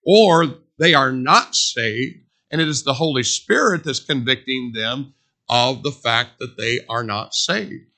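A man preaches a sermon in a loose, conversational way, drifting into stories and hammering points home through repetition. His voice has a bright, forceful edge and sits at an ordinary middle pitch for a man. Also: a little slow. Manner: conversational storytelling with emphatic repetition.

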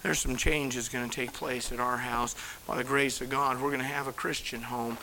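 A man preaching a sermon as pastor, telling a story with loud, emphatic bursts and then dropping to a hushed, pleading tone in prayer. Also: mid-range voice, little pitch movement, moderate pace, slight background noise, low-quality recording.

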